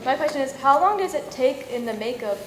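Woman in the crowd asking a question, quiet and unsure, far off mic, noisy echoey hall. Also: high voice, expressive, fairly quick. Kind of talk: audience question.

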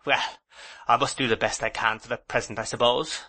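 Moody, grudging shabby swindler, voiced by a male reader with a bright tone. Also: medium pitch, fairly even intonation, a little fast. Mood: sullen. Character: shabby, sullen middle-aged man, a cheat. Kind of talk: audiobook character voice.

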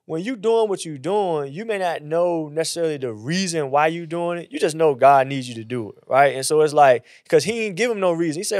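A man who is a pastor, chatting about faith in a casual, animated way and acting out quotes in a higher voice. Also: a little fast, few pauses, dry recording, studio quality. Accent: Southern US.

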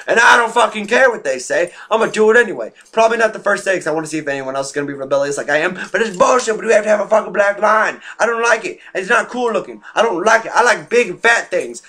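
A teenage boy vents at his camera in a loose, rambling rant full of swearing and fillers. His voice sits high. It has a bright, edgy tone. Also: lively intonation, fast, few pauses. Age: teens. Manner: rambling, profane, restless, with frequent fillers. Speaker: vlogger.

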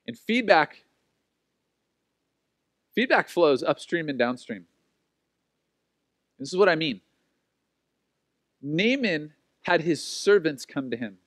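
Pastor, 40s male, high tenor, dry close sound, animated self-mocking storyteller. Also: dry recording. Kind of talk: sermon with personal stories.

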